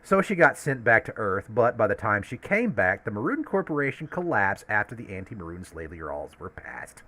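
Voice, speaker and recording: A man running a tabletop game as game master, narrating with a lively manner and frequent laughs. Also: on the low side, brisk.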